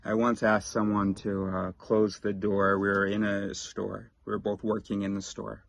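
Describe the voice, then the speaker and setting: A man vlogging, telling a story in a rambling, casual way with quick asides and restarts. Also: fairly low pitch, completely flat delivery, creaky.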